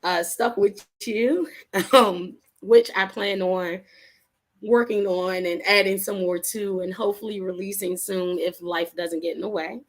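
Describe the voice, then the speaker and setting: A woman author and interview guest, telling her story in a casual, animated way, acting out the voices of people she quotes and laughing often. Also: medium pitch, unhurried.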